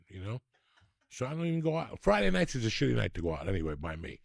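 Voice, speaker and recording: A man's voice: medium pitch, quick pace, gravelly, no room sound, clean studio sound. A man, telling rambling, profane comic stories as a podcast host. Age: 60s. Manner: profane, rambling, animated storyteller. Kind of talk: storytelling comedy rant.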